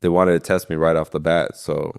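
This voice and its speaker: Young guy real low voice, clean and clear, rambly fight story w lots of likes and cussing. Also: flat delivery, fairly quick, darkish tone. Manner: rambling, lots of "like" and "you know", swears freely. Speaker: guest, professional MMA fighter. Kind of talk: casual storytelling interview.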